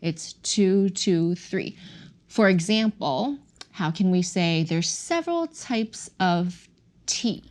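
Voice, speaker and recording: A woman teaching a Chinese language lesson on a podcast, slowly modeling tones. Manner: slow, careful modeling of tones with lively pitch swings.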